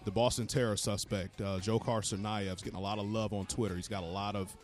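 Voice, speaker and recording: A man's voice: on the low side, little pitch movement, fast talker, faint music behind. A man presenting a casual news rundown on a talk show in an easygoing manner.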